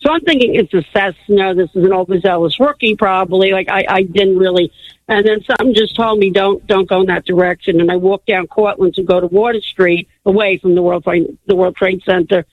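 A woman's voice: mid-range voice, brisk, dry recording. A woman calling in to a radio show, recounting events in an earnest, matter-of-fact way. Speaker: caller. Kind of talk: call-in radio chat. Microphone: phone call. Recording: tinny phone line.

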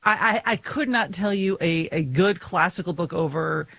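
A woman's voice: on the low side, moderate pace, creaky, a bit bright, no room sound. Chatty laughing woman podcast co-host. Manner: chatty, laughs often, self-mocking. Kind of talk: casual chat.

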